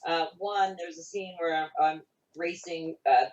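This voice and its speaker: A middle-aged woman, a former child actor, talking fast and laughing often in a casual remote interview. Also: sits low, fairly even intonation, darkish tone. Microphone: video call. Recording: roomy, distant, dull video-call audio.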